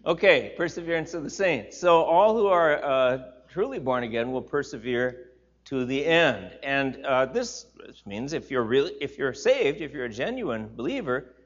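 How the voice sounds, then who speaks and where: A man's voice: medium pitch, a bit bright. Older male Bible teacher, emphatic, repeats for stress, dull lo-fi recording. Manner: emphatic, repeats words for stress, reads scripture aloud.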